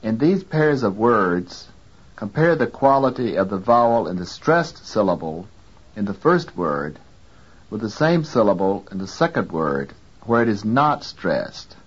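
A man reading a scripted language lesson in a slow, measured way, counting off numbered frames. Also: on the low side, sing-song, slightly rough. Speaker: language course instructor. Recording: dull lo-fi old tape recording.

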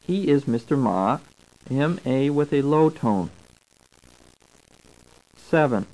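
A man reading a scripted language course, slowly spelling out words and their tones. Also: mid-range voice, expressive, a little mellow, rough recording. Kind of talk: scripted instructional narration. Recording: old tape recording.

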